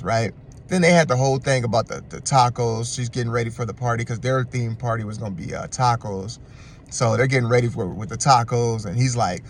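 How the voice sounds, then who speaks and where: A man giving a casual, animated and slangy recap of a reality show. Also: medium pitch, fairly quick, slight background noise. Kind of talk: casual commentary.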